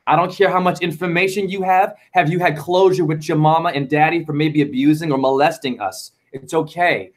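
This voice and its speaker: A man's voice: a little high, brisk, few pauses. A man talking as a show guest in a rambling, fervent monologue full of wordplay. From United States. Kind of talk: casual chat.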